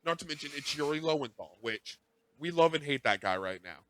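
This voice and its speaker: Male podcast host, bright tone, dry close sound, rambling self-mocking storyteller. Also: a little high, expressive, a little fast, no echo. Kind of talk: casual chat.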